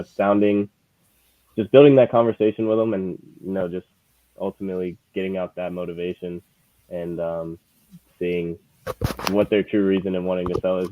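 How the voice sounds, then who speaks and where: A man in his twenties, a guest lead manager, talking in a relaxed, halting way with many fillers. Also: sits low, no echo. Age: 20s. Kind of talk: casual chat. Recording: tinny phone-like call audio.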